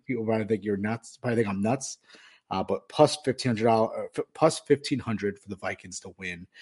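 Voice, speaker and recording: A man's voice: on the low side, darkish tone, slightly rough. A man hosting a podcast, talking casually through football betting picks with many fillers and restarts. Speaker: podcast host. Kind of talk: casual sports betting talk.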